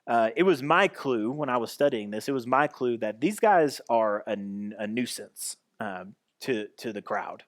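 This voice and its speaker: A man's voice: medium pitch, animated, moderate pace, few pauses. A man pastor giving a conversational sermon, restarting and repeating phrases as he goes.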